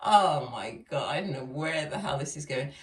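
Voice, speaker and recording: With a rumbling low voice and a fairly quick pace, a woman chats through a laid-back tarot reading, laughing a lot as she addresses viewers. The room echoes and she's distant from the microphone.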